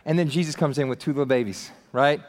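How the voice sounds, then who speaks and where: A man preaching with a fairly high voice, bouncing into quick put-on voices for the people in his story. His words carry a long reverb from a large hall around him. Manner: animated, acts out quoted voices, casual slang. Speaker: pastor. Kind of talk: sermon.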